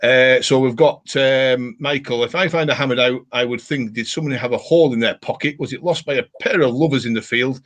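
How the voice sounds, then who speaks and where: A man's voice: medium pitch, a little fast, few pauses, fairly bright tone. A middle-aged man from England hosting a live chat show, talking in a blunt, matey way and swearing freely. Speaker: host of a live detecting show. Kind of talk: casual live-stream chat.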